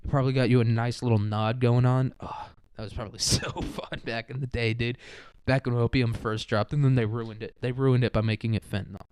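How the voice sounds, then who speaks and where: A man's voice: medium pitch, fairly even intonation, brisk, darkish tone, clear, resonant tone, no echo. A man rambling through a crude, profane comedic monologue, full of "like" and "dude". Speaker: podcast host.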